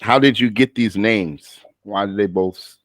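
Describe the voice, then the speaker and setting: An American tutor with a fairly low voice leads a one-on-one practice session in spoken English, speaking at a moderate pace. Patient and coaching, he tends to stop himself partway through sentences. The audio is studio quality with no echo.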